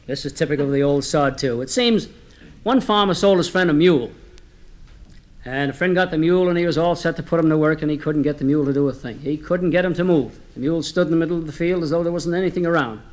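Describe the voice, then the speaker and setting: A man's voice: on the high side, fast talker. A man telling folksy jokes on a comedy record, chatty and homespun, speaking straight to his listeners. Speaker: comedy storyteller.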